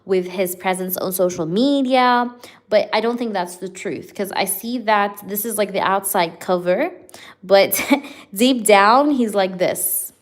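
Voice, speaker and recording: A woman's voice: medium pitch, unhurried. Chatty young woman reading tarot live. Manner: chatty, filler-heavy, talks straight to viewers. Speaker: tarot reader.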